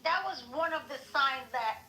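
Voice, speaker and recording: A woman tells a story in a casual chat, her voice bright and a little high. She acts out the quotes as she goes. The sound is echoey with faint background noise. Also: normal speed. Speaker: participant in a social audio chat room.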